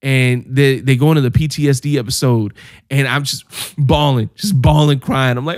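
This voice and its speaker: A man co-hosting a podcast, telling animated, jokey stories in casual chat with some swearing. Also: medium pitch, moderate pace, dry recording, studio quality. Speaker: podcast co-host.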